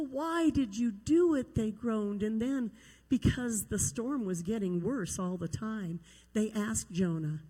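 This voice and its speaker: A woman's voice: medium pitch, mellow, long reverb tail, low-quality recording. A woman evangelist recovering from a cold recites a book of scripture from memory, telling it dramatically to a congregation.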